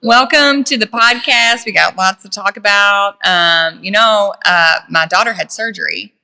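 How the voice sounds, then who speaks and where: A woman's voice: medium pitch, a little slow, gravelly, bright, forceful tone, long reverb tail. A middle-aged woman co-hosting a podcast, telling a family story in casual chat with lots of fillers and acted-out quotes. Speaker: podcast co-host.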